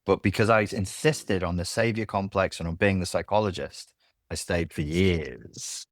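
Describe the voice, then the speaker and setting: A man speaking as a podcast guest in a candid conversation, blunt and animated, who swears freely. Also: deep voice, normal speed, no room sound, clean studio sound. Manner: blunt and animated, swears, acts out quoted voices.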